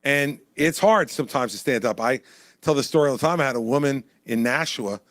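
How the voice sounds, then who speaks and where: A man's voice: medium pitch, animated, fairly quick, a bit bright, clean studio sound. Punchy, plain-spoken man at a town hall. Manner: punchy, conversational, repeats lines for emphasis. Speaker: presidential candidate at a town hall. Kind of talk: town hall stump speech and Q&A. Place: indoor town hall venue.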